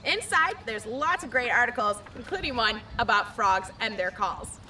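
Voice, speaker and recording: A young adult woman naturalist presenting a scripted nature lesson outdoors by a pond, clear and enthusiastic. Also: on the high side, expressive, normal speed, sharp tone, slight background noise.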